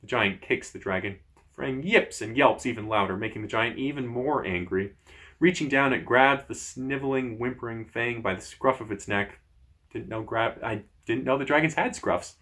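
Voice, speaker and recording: A man hosting a gamebook playthrough, reading the story aloud in a lively way with casual asides to viewers. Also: mid-range voice, normal speed. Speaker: host.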